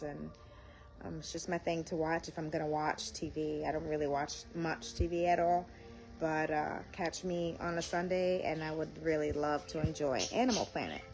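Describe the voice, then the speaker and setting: A woman speaking live to her viewers from home, slow and earnest, audibly emotional and near tears as she shares a personal faith experience. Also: low voice. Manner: slow, tearful, heartfelt and earnest. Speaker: faith livestream host. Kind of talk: emotional live-stream testimony. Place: home, indoors.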